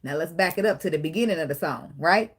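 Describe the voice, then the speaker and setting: A woman's voice: sits low, animated, fast, slightly rough. A woman giving a casual tarot reading, blunt and profane, talking straight to the viewer. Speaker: tarot reader.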